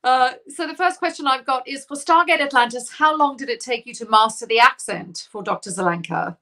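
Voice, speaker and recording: A woman hosting a casual interview show, bubbly and quick to laugh as she reads out fan questions. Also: high voice, bright, forceful tone. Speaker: host.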